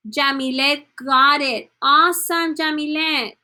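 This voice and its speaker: Slow, bright-voiced woman teaching a class. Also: high-pitched, steady tone. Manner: encouraging, praising students by name; slips between English and Spanish. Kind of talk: online class lesson.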